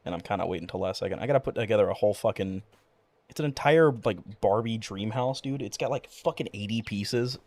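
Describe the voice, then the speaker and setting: Young man, low voice, casual rambling streamer chat, lots of fillers and cursing. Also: a little fast, darkish tone, no room sound. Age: young adult. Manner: rambling, full of fillers and swearing. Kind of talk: casual chat while gaming.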